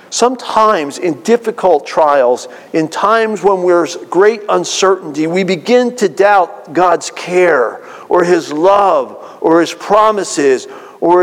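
A man preaching a sermon from the pulpit, earnest and deliberate, drawing out emphatic phrases. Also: on the high side. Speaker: pastor. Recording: long hall reverb.

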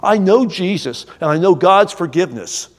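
A man preaching a sermon in church as pastor, earnest, swelling to emphatic peaks and then dropping low. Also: expressive, normal speed, big-room sound. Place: church sanctuary.

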